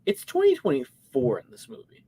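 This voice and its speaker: Animated man retelling a movie. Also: mid-range voice, normal speed, slight background noise. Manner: animated storyteller, acts out scenes. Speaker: podcast co-host. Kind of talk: casual movie review chat.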